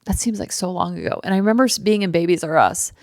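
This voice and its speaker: A woman's voice: on the low side, dry recording. Woman podcast host, thirties, casual confessional monologue, dead-dry close mic. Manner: candid and emotional, quick asides.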